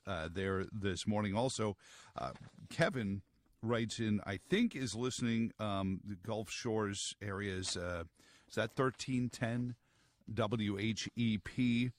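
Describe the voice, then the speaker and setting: A man's voice: on the low side, no echo. A middle-aged man hosting a morning radio talk show, rambling through news with wry asides and lots of fillers.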